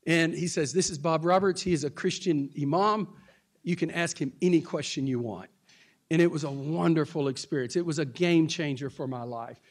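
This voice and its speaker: A man's voice: on the high side, a little mellow. A man from Texas, a pastor, telling a story, laughing often and acting out the other people in it. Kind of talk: storytelling talk.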